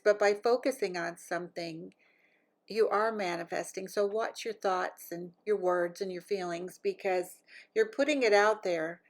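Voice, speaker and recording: A woman's voice: medium pitch, measured pace. A woman vlogger telling a rambling, chatty story to camera. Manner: rambling and chatty, lively when excited.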